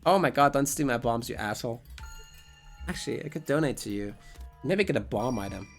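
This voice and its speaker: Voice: mid-range voice, expressive, fairly quick, soft background music. A Twitch streamer giving casual live gameplay commentary, rambling and joking with plenty of swearing.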